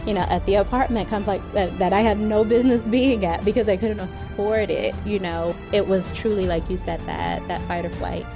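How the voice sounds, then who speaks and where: A woman in her thirties with a Southern US accent talks candidly as a podcast guest, peppering her story with "you know". Her voice sits at a middle pitch, and music plays clearly behind her. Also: steady tone, normal speed, few pauses. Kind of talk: personal story in an interview.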